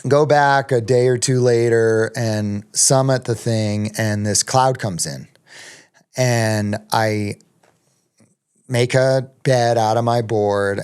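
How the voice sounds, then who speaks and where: Slow, rambling middle-aged man. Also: fairly low pitch, darkish tone, clean tone. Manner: rambling, with many ums and restarts. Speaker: podcast guest. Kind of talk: casual storytelling.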